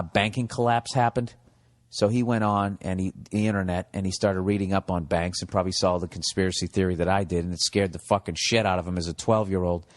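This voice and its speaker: A man's voice: fairly low pitch, in a large hall. Man ranting profanely on a podcast. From United States. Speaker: comedian and podcast host. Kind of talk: comedic podcast monologue.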